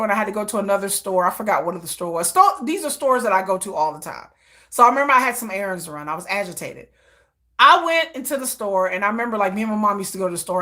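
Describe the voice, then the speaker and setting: A woman hosting a livestream, chatting casually and telling animated personal stories, acting out quotes and laughing often. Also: mid-range voice. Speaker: livestream host. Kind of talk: casual chat.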